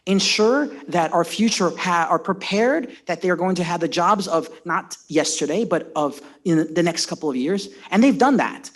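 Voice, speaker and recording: A man's voice: sits high, animated, moderate pace, hardly any pauses. A man, a county legislator, making an impassioned floor speech at a public session, repeating and restarting words as he builds his case. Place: legislative chamber.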